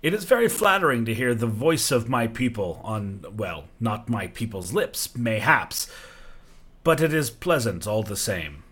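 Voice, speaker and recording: A man's voice: mid-range voice, big pitch swings, a little slow, a bit bright, breathy edge, heavily acted. A man voicing a huge, proud male fire giant king who speaks grandly and theatrically. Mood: grand, amused.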